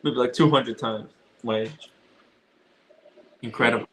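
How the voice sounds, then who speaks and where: A man hosting a casual livestream, chatting in a relaxed, halting way with many exclamations. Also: medium pitch, a little hiss or hum, low-quality recording. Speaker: livestream host.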